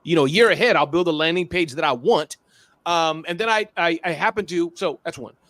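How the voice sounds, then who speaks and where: A man who is a guest on a podcast, talking in a lively, playful way and acting out phone calls with sound effects. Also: fairly high pitch, fairly quick, dry recording. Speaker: guest, small business expert. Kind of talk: animated podcast conversation.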